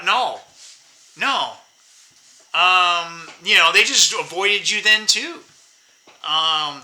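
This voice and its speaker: A man's voice: sits high, bright, forceful tone, rough recording. A man in his fifties rambling bitterly to his viewers in a casual monologue, swearing and laughing to himself. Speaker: vlogger.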